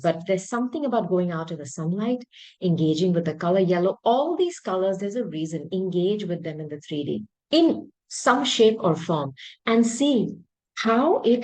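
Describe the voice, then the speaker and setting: Husky-voiced woman giving a tarot reading. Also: on the low side, darkish tone, low-quality recording. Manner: intuitive, emphatic, repeats words for stress; clears throat often. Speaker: tarot reader.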